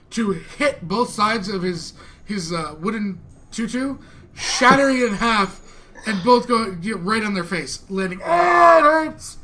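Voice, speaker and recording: A man narrating a tabletop game as game master, animated and often laughing as he describes the action. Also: high voice.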